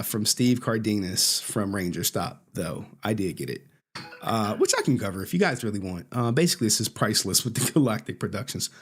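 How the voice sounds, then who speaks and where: A man's voice: mid-range voice, fairly bright tone. A man hosting a casual livestream, laughing often, joking and swearing as he talks. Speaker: streamer host.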